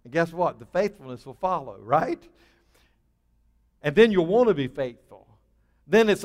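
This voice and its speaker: Pastor guy preaching, higher voice, swings loud then hushed, echoey church. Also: lively intonation, a little slow, pauses often. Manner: emphatic, with rising bursts and dropping to a near hush. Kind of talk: sermon.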